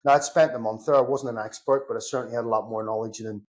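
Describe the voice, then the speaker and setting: A man's voice: mid-range voice, fast. A middle-aged man with a Belfast accent tells his stories in loose, casual podcast chat. He acts out both voices in each exchange he recalls and swears without much thought. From Northern Ireland. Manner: animated anecdotes, acts out both sides of conversations, swears casually. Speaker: podcast guest, security consultant.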